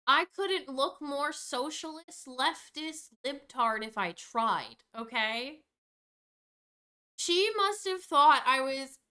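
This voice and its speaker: High, bright young woman ranting. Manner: exasperated, rambling, swears freely. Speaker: vlogger. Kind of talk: storytime rant.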